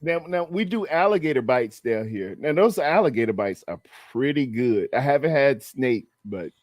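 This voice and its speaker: A man's voice: medium pitch, expressive, moderate pace, dry recording, clean studio sound. A man, hosting a casual chat, telling stories in a drawling, laughing way. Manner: laid-back storyteller, drawling, laughs often. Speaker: host.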